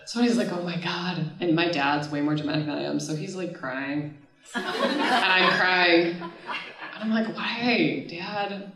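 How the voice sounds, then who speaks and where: A woman in her thirties telling a personal story on stage at a live event, casual and animated, often laughing and swearing as she goes. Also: fairly low pitch, measured pace, pauses often. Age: 30s. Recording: echoey room, voice from far off the mic.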